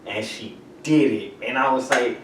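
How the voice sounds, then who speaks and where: A man's voice: mid-range voice, normal speed, distant mic. A man, a podcast co-host telling stories in casual chat, laughing and slangy. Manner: storytelling, laughs a lot, slangy. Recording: roomy, off-mic with light noise.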